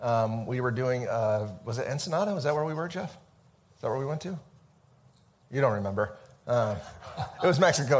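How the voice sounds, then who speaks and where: A man's voice: mid-range voice, brisk. A male pastor giving a casual sermon in a church over a microphone, talking in a chatty, conversational way with many fillers and restarts. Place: church sanctuary. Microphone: amplified microphone.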